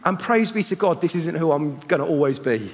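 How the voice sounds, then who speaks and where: A man, preaching a sermon with passion, swinging between loud and hushed. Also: on the high side, lively intonation, brisk. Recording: hall reverb.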